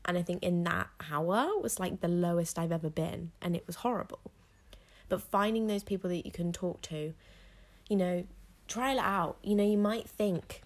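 A woman's voice: lowish voice, moderate pace. A teenage girl hosting a solo podcast, talking frankly and rambling, with lots of "like" fillers. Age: teens. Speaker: podcast host. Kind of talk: candid solo podcast monologue.

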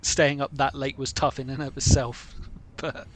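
A man's voice: medium pitch, level tone, normal speed, a little hiss or hum. A man in casual sports chat, talking in a hesitant, subdued way with many fillers.

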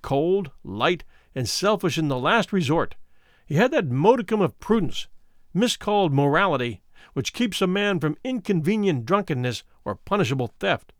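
A male narrator reads a classic tale in a deliberate, expressive way. His voice sits a bit high and rises and falls a great deal. The recording is close and dry, with no trace of room echo. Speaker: audiobook narrator. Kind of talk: scripted narration of a classic story.

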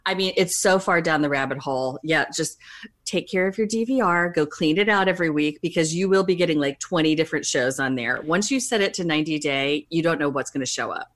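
A woman's voice: low voice, brisk, fairly bright tone. A woman co-hosting a podcast in casual, enthusiastic chat, laughing often.

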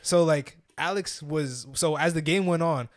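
A young man recounts a game in casual slang and breaks into laughter often, his voice a bit high. The sound is dry and close, with no room around it. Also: measured pace, dry recording. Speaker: game scorekeeper. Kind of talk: casual storytelling chat.

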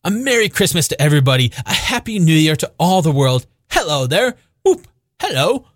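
A man's voice: fairly high pitch, big pitch swings, normal speed, a bit bright, no room sound, clean studio sound. A man doing a fervent old miser, reborn. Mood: giddy. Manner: fervent, breathless exclamations. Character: elderly male miser, overwhelmed and repentant. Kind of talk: audiobook character reading.

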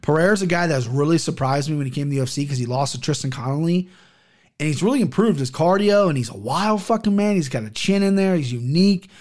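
A man's voice: a little high, lively intonation, quick pace, darkish tone. A man hosting his own podcast in casual solo chat, rambling, swearing freely and stumbling over names. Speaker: podcast host.

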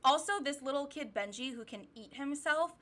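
Brief: young woman, podcast co-host, high voice, sarcastic animated recaps. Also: normal speed. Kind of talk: casual comedic rewatch chat.

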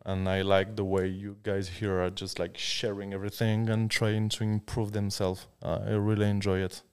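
A man from France with a French accent, a guest on a casual podcast chat, pausing to search for English words. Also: fairly low pitch, little pitch movement, smooth. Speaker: guest tattoo artist.

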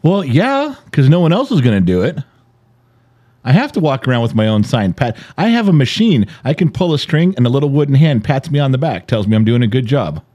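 A middle-aged man with a mellow, dark voice, chatting on a podcast with a playful, mock-hurt edge. His pitch rises and falls a lot as he teases and boasts about himself. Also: very animated, brisk, dull audio. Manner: teasing, mock-offended, self-boasting. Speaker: podcast co-host. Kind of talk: bantering married couple chat.

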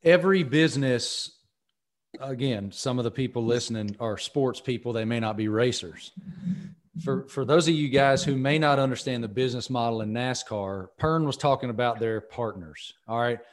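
A man's voice: mid-range voice, moderate pace. Folksy man hosting. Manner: folksy, explains to listeners. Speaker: podcast host. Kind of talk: casual interview talk.

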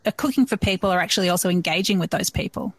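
A woman's voice: lowish voice, very fast, breathy edge, no room sound. A woman hosting an interview, friendly and appreciative toward her guest. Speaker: podcast host.

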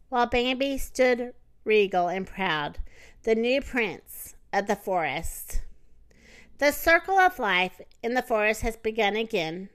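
Woman reading a kids storybook, kinda high voice, dry close recording. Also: fairly bright tone, smooth, no echo. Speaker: narrator. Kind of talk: storybook read-aloud.

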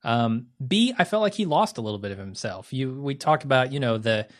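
A man co-hosting a casual film chat, measured and thinking aloud with fillers. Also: mid-range voice, animated. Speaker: podcast co-host.

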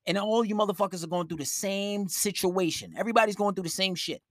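A man's voice: high-pitched, fast talker, no echo, studio quality. Blunt, profane man giving advice. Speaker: relationship advice host.

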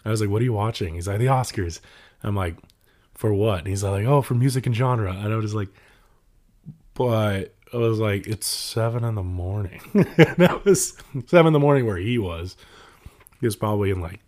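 Young man, low-ish voice, lively storyteller, casual podcast chat. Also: moderate pace. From California. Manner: animated storytelling, laughs often, voices others.

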